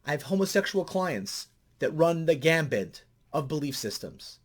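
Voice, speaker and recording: A middle-aged man, a counselor, giving commentary in a vlog and telling stories animatedly, his voice climbing high when he gets excited. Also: moderate pace.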